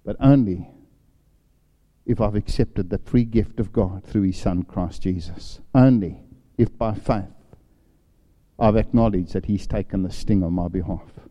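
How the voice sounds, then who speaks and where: A man's voice: lowish voice, a little slow, warm tone. An older man preaching a sermon, telling a personal story and acting out the voices in it. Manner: storytelling, acts out voices in his anecdotes. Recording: long hall reverb.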